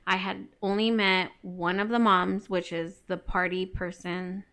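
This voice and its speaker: A woman's voice: on the low side, little pitch movement, measured pace, fairly bright tone. A woman in her thirties, telling a story in casual podcast chat, full of "like" and swearing, acting out what people said. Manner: chatty, says "like" constantly, swears, acts out quoted lines. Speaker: podcast co-host.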